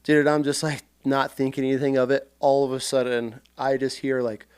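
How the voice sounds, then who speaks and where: A man from central Washington who served as a Marine, telling stories on a podcast in a casual, animated way and acting scenes out loudly. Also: mid-range voice, fairly quick, clean tone. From central Washington, USA. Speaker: podcast guest, Marine veteran. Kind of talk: casual storytelling.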